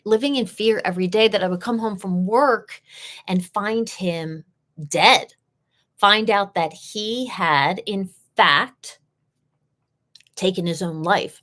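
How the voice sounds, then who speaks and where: A woman's voice: medium pitch, unhurried, fairly bright tone. A woman hosting a live session, telling a personal story in an earnest way and repeating key phrases for emphasis.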